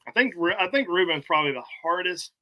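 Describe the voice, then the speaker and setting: A man with a fairly high, bright voice chimes in on a casual sports talk show. He keeps his comments brief and relaxed. His tone is crisp and forward. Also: fast talker. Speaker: guest reporter.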